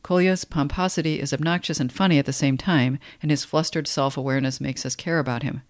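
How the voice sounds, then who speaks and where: A man giving scripted commentary on a novel for writers, measured and wry. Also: on the high side, steady tone, dry recording. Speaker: literature podcast host.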